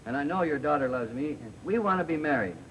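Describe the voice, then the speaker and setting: A man's voice: on the high side, expressive, fast talker, a little hiss or hum, lightly acted, rough recording. A man playing a nervous, hesitant young suitor in a 1930 film comedy sketch.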